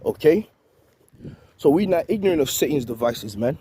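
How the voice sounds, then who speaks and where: A man delivering an informal spiritual rant, halting and repeating words, tagging his lines with "man". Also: a little high, lively intonation, mellow, slight background noise. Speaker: preacher.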